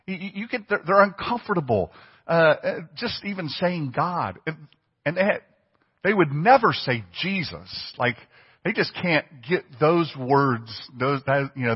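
A man's voice: fairly high pitch, slightly rough. A man preaching a sermon as pastor, talking conversationally and asking the congregation questions. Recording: long reverb, dull lo-fi sound.

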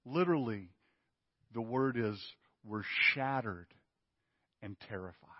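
A man's voice: medium pitch, expressive, measured pace, no room sound, long reverb tail, dull audio. A man preaching a sermon in an emphatic, conversational way, often checking in with his listeners. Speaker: pastor.

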